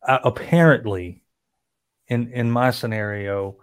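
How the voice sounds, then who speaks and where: A man with a Southern US accent, slow-talking and joking in casual podcast chat. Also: medium pitch, fairly even intonation, smooth. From American South. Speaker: podcast co-host.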